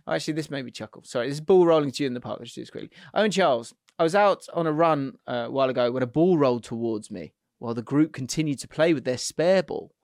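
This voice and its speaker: A man's voice: mid-range voice, lively intonation, fast, hardly any pauses, a little mellow, no echo, clean studio sound. A man, co-hosting a casual football podcast, often laughing as he reads listener messages aloud. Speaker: podcast co-host. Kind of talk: casual chat.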